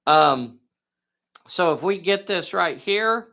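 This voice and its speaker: Man, tabletop host, enthusiastic, folksy, crisp bright tone. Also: high-pitched, lively intonation, takes it slowly. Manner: folksy and enthusiastic, talks to viewers directly. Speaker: game master and host. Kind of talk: live narration of a tabletop game.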